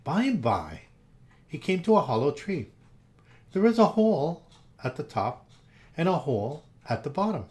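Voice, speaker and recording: A man reading a children's story aloud in an expressive, animated way. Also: fairly high pitch, normal speed, pauses often.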